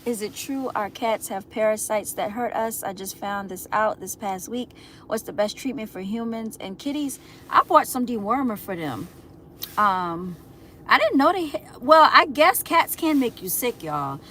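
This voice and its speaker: A woman's voice: a little high, lively intonation, normal speed, a bit bright, a little hiss or hum. A woman hosting a casual livestream, chatting to her viewers, laughing often and calling them y'all. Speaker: livestream host.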